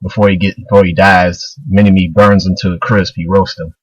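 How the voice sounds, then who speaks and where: A man's voice: sits low, flat delivery, normal speed, breathy edge, dry recording, highs cut off. A man casually retelling a manga chapter, loose and rambling, full of fillers. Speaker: manga reviewer.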